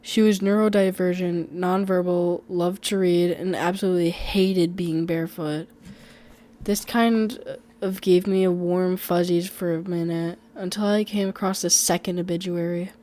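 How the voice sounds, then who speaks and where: A woman's voice: on the low side, fairly even intonation, normal speed, mellow. Woman narrating a first-person horror story. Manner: conversational reading with small slips and restarts.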